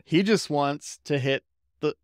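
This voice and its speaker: A man co-hosting a podcast, easygoing and full of jokes. His voice sits a little high. The recording is dry and close. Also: a little slow, no room sound. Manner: joking, laid-back, recaps with silly voices. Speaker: podcast co-host. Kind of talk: casual chat. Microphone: home podcast mic.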